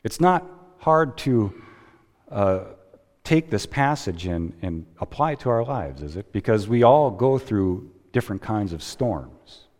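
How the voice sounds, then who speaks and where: Slow, deliberate preacher in a reverberant church. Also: male voice, lowish voice, sing-song, a little mellow. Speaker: pastor. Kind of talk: sermon. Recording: long reverb of a church hall.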